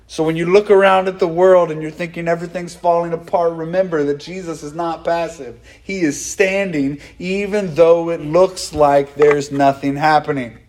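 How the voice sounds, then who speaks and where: A man's voice: a little high, fairly even intonation, moderate pace, few pauses, a little mellow. A man preaching a sermon, emphatic, repeating key phrases for stress. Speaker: pastor.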